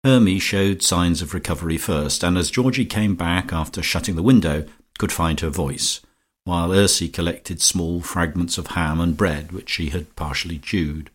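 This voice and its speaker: A man reading a comic novel aloud as an audiobook narrator, in a measured, dry manner. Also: low voice, breathy edge. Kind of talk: scripted narration.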